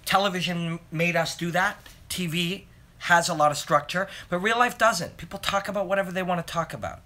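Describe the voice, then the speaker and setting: A man hosts a casual live stream on a phone camera, rambling through fight analysis and answering viewer comments from his phone. His high-pitched voice is brisk with a sharp tone.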